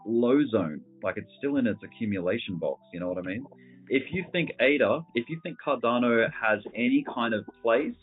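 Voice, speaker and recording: A man with a very low voice runs a loose, slangy market chat, thinking out loud as he goes. His audio is thin and phone-like, with a soft bed of music playing under it. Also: slightly rough. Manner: laid-back, slangy, thinking aloud over charts. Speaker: host. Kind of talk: casual crypto market commentary.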